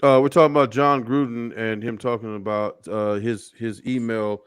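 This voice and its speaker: A man's voice: mid-range voice, fairly even intonation, normal speed, smooth, dry recording, clean studio sound. A man hosting a casual talk show, hesitant and full of stammered restarts as he asks guests questions. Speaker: show host. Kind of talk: casual live show chat.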